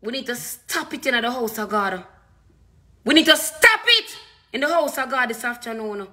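A woman's voice: a little high, expressive, moderate pace, sharp tone. A woman preaching a fervent, repetitive sermon with bursts of speaking in tongues.

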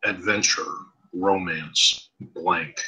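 A man playing an online card game, reading cards in a deadpan monotone. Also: low-pitched, rough recording. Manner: monotone, slow deadpan delivery. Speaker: player. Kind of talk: casual gaming chat.

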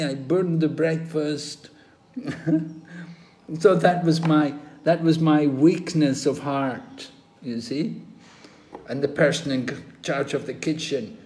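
An older man teaching a scripture class, telling stories slowly and acting out the quoted dialogue. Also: a little high. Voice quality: slow, animated storytelling, acting out quoted dialogue. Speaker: spiritual teacher. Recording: roomy echo, faint ambient noise.

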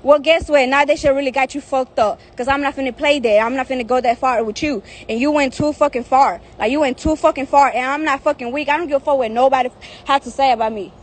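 High-voiced woman ranting angrily. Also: fast. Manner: heated, profane, repetitive. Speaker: live streamer. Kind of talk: angry live-stream rant. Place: outdoors in the heat.

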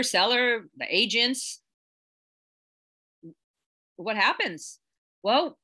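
A woman who works as a real estate agent teaches a live online class in an earnest, chatty manner, full of fillers and restarts, and she becomes emotional, close to tears. Her fairly high voice is bright and forceful.

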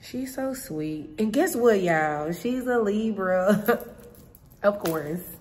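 Indoors at her concierge job, a woman tells stories in a casual vlog, speaking slowly in an expressive mid-range voice with a darkish tone. She's chatty, calls her viewers "y'all," and laughs often.

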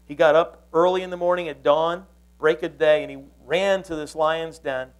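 Man, pastor, sermon, higher voice, earnest storytelling, halting restarts. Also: fairly even intonation, poor audio.

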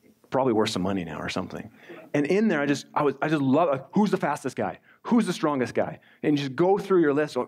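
A man's voice: a little high, expressive, a little mellow, slightly rough. Middle-aged man preaching conversationally. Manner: conversational preaching, slows down to read scripture. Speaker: pastor. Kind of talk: sermon.

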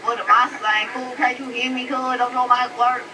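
A high-voiced male gamer trash-talks in thick slang, taunting and arguing. He sounds far from his mic. A steady wash of noise sits under the chat. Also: normal speed. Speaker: online game player. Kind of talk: trash talk in game voice chat. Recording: distant noisy voice chat.

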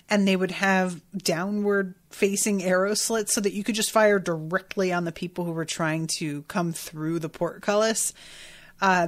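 An irreverent woman hosting a book podcast, moving between reading passages aloud and chatty, candid commentary. She swears freely and asks rhetorical questions of the characters, in a voice of ordinary middle pitch for a woman. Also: fairly bright tone. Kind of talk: casual chat mixed with read-aloud passages.

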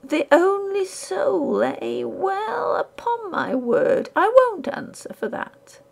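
A woman reading a ghost story aloud puts on the voice of a furtive, wheedling male collector. He speaks high and hushed, insinuating every word, with a gravelly edge and a lively, swooping pitch, going slowly and heavily acted in a sly mood.

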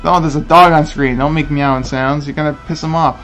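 A man's voice: a little high, fairly even intonation, brisk, fairly bright tone, faint music behind. A man giving casual, joking game commentary, laughing often and swearing. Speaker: let's play commentator.

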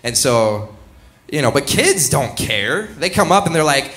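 A man's voice: mid-range voice, lively intonation, moderate pace, a bit bright. A young man doing a live stand-up set, rambling and self-deprecating, chuckling at his own jokes into a stage mic. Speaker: stand-up comedian. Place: comedy club stage.

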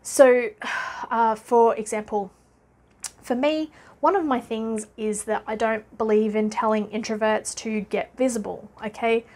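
A chatty Australian woman in her thirties, talking straight to camera as a business coach. Her voice sits a little high, and she laughs easily between points, with plenty of "uh"s. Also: fairly even intonation, a little slow, darkish tone. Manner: chatty and upbeat, laughs often, many uh fillers. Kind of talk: casual talking-head vlog.

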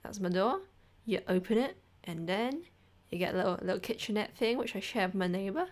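A woman's voice: medium pitch, lively intonation, a little fast. A young woman giving a casual room tour, playful and self-mocking. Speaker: vlogger. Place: small room indoors.

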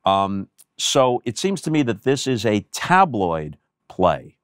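A man's voice: lowish voice, sing-song, slow pace, dry recording, studio quality. An older man, a guest sportscaster, telling a story in a casual chat, articulate and careful with his disclaimers.

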